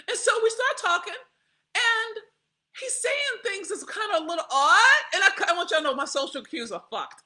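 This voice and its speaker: Animated, lively-voiced woman vlogger. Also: very high-pitched. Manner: animated, profane, laughs often, addresses listeners as y'all. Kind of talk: candid personal storytelling to camera.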